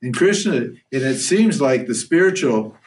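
A man's voice: mid-range voice, expressive, a little slow, far from the mic, slight background noise. A man giving a spiritual lecture as a Vedanta teacher, blunt and earthy, firing rhetorical questions and restarting his sentences.

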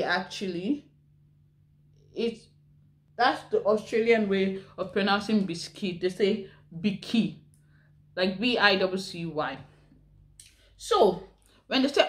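A chatty woman with a Nigerian accent talks straight to her viewers in a casual vlog. She keeps asking them questions. Her voice sits at an everyday middle pitch. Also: takes it slowly, pauses often. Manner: chatty, full of rhetorical questions. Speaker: vlogger. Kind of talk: casual chat to camera.

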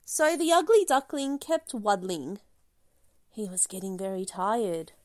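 A woman reading a children's picture book aloud in a gentle, expressive storytelling manner. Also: medium pitch, measured pace, dry recording, clean studio sound.

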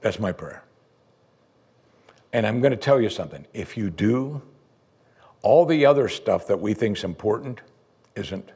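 Husky guy pastor preaching in church, chatty, does the doubters in a higher voice. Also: animated, a little slow, pauses often, darkish tone. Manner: conversational preaching, acts out listeners' objections in a higher voice. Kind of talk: sermon. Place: church sanctuary.

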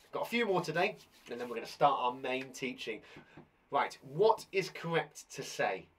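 A playful man, a young adult primary school teacher giving a live online lesson for children with theatrical, chatty reactions. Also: medium pitch.

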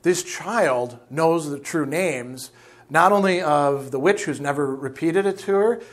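Male lecturer, higher-pitched, explanatory, reads and discusses a novel. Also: unhurried. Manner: explanatory, with fillers and self-corrections. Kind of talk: reading and analyzing a novel.

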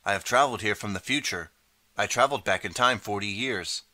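Man voicing earnest kid time traveler, pleading, bright tone. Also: on the low side, a little fast, no room sound.

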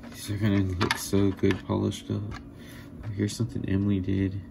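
A jewelry maker with a low, gravelly voice speaks slowly and casually as he shows off his handmade pieces. He laughs often and sounds thrilled and amazed, with clear workshop noise running behind him.

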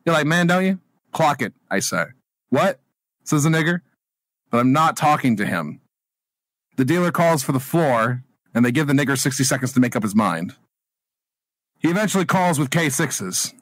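A man's voice: medium pitch, big pitch swings, moderate pace, long pauses, fairly bright tone, no echo. A man hosting a podcast, reading a story aloud and breaking into laughing asides. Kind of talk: casual podcast chat and reading.

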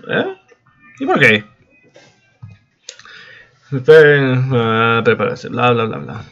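A man's voice: mid-range voice, sing-song, measured pace, vocal fry, pauses often, a bit bright, dull audio, faint music behind. A man whose first language is Spanish, giving casual, mumbled commentary while playing a video game and reading its text aloud. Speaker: let's play gamer.

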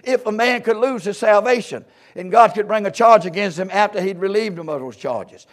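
A man preaching, his voice sitting high for a man. He drives his points through rhetorical questions, swelling loud on key words and dropping low between them. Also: a little fast. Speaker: pastor. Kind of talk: sermon.

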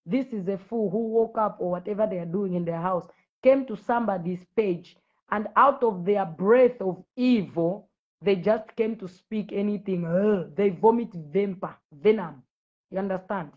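This is a Zambian mother of school-age children giving a livestream address, preaching in a repetitive, confrontational manner. She has a mid-range voice and speaks at normal speed, over phone-quality sound.

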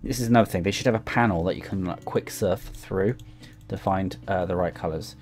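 A young man talks through a game in a chatty, rambling way, thinking aloud as he goes. His voice is low-pitched and mellow. Faint music plays behind him. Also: fairly quick. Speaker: gaming YouTuber. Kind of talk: casual gameplay commentary.

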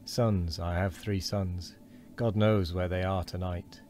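A man's voice: sits low, steady tone, slow, mellow, faint music behind. A man voicing a frail, wheezing old man who is fearful and gossipy, his speech quavering.

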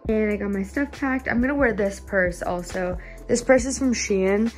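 A woman's voice: mid-range voice, moderate pace, few pauses, soft background music. A young woman chatting casually in a vlog, bubbly and full of fillers like "like" and "um". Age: young adult. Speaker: vlogger.

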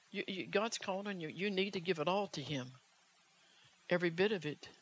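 A woman's voice: lowish voice, fairly quick. A woman evangelist preaching a fervent sermon, urgent in tone and pressing the listeners with rhetorical questions.

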